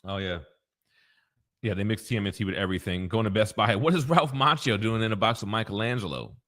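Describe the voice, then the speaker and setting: A man's voice: lowish voice, fairly quick, fairly bright tone. A man hosting a casual talk show, easygoing and teasing, laughing often and reading out viewer comments. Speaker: host.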